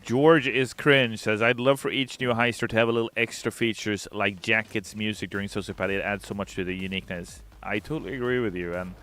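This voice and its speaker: A man's voice: fairly low pitch, steady tone, fairly quick, hardly any pauses, a bit bright. A man, a game developer on a livestream, chatting casually, joking and reading out chat comments. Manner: chatty, jokey, reads chat aloud.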